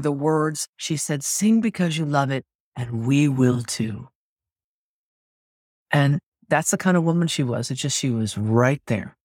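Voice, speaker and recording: Middle-aged singer as interview guest; rambling and lively, mid-range voice, dry close recording. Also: medium pitch, no room sound. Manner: rambling and animated, with frequent restarts. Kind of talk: candid conversational storytelling.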